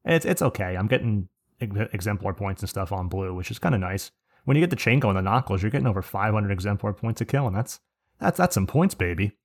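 A man's voice: fairly low pitch, lively intonation, fast talker. A man co-hosting a podcast in casual chat, profane and opinionated, going off on rants. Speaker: podcast co-host.

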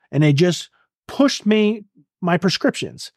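A man's voice: on the high side, animated, slow pace, pauses often, a little mellow, dry recording, studio quality. A middle-aged American man, a retired senior soldier, telling his story bluntly and with plenty of swearing in an interview. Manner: blunt and profane, emotional retelling. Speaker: guest, retired command sergeant major.

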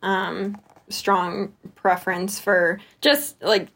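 A woman's voice: medium pitch, flat delivery, very slow, a bit bright, husky. A woman appearing as a guest on a podcast, chatting reflectively and enthusiastically about a book. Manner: reflective and enthusiastic, acts out her own reactions. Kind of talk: casual book discussion chat.

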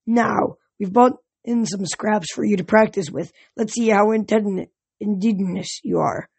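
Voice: medium pitch, measured pace, gravelly, darkish tone, husky, no echo. A reader doing a stern monster teacher. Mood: lecturing. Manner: lecturing, questioning a class. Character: monster instructor, tall sea-dog creature, stern.

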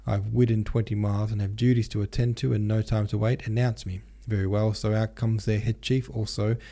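A hot-tempered hussar captain who blusters and lisps, turning his r sounds into w, put on by a man reading aloud. The voice sits low and dark, full of gruff audiobook bluster. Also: flat delivery, normal speed, close to an everyday voice. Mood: hoarse, furious. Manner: lisping, r sounds as w; loud, blustering.

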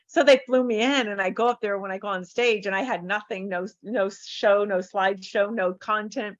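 A woman's voice: mid-range voice, normal speed, no echo. A woman from San Diego chats in an interview as a therapist and speaker. She tells her stories with energy and slips into the voices of the people in them. The sound is a little muffled and dry. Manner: animated storyteller acting out quoted voices. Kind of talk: casual interview chat.

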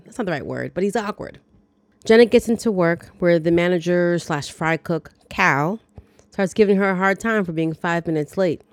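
A woman hosting a podcast chats through a movie recap with wry, dry jokes. Her voice is on the low side for a woman. The sound is dry and close, with no room echo. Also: animated, moderate pace. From lives in the American South. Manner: chatty, wry, dryly joking. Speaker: podcast host.

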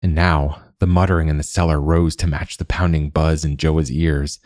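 An audiobook narrator, a man with an extremely deep voice, reads a dark fantasy story at a measured, deliberate pace. His tone stays level, and the recording is dry and close with no room sound or echo.

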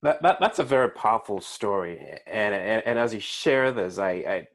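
A man hosting an interview who is also a parent, gives short affirmations and speaks haltingly, searching for his words. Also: lowish voice, animated, a bit bright. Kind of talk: conversational interview.

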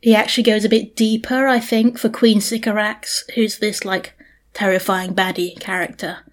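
A woman's voice: medium pitch, level tone, moderate pace. A British woman co-hosting a podcast, chatting casually and laughing often. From United Kingdom. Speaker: podcast co-host. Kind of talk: casual chat.

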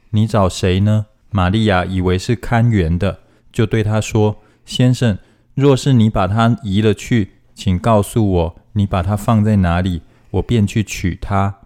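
A man reading Bible passages aloud in a steady, formal manner, phrase by phrase. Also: lowish voice, measured pace. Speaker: scripture reader.

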